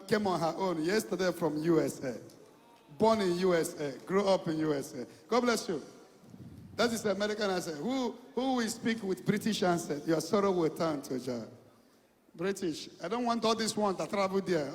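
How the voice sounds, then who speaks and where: High-voiced Nigerian preacher in a hall. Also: male voice, brisk. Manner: coaxing, repeats phrases, calls people to stand. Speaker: evangelist. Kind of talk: sermon with congregation call-and-response. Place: large church hall. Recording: long reverb of a church hall.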